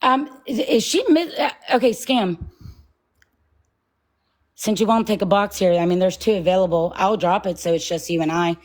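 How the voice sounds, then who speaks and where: A woman's voice: mid-range voice, normal speed. A woman hosting a livestream, shaky and nervous, talking bluntly and confrontationally and swearing freely. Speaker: livestream host.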